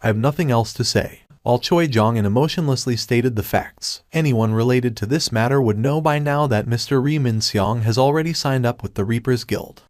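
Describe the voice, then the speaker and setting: A man's voice: medium pitch, normal speed, few pauses, darkish tone, dry recording. Man narrating a story recap, dry.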